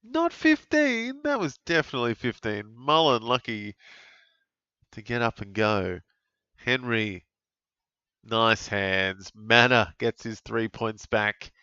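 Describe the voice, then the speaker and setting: Aussie bloke, unhurried live footy commentary, smooth voice, dull muffled mic. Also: male voice, lowish voice, no room sound. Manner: relaxed, chatty, bursts of excitement at big plays. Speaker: fantasy football streamer calling a live watch-along. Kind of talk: casual live game commentary.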